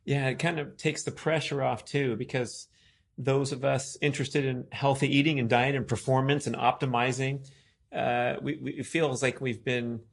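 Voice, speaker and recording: A man's voice: medium pitch, steady tone, normal speed, gravelly. A man hosting a podcast in casual conversation, articulate and setting up the topic with long framing remarks. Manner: articulate, leads the talk with long framing remarks and short backchannels. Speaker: podcast host.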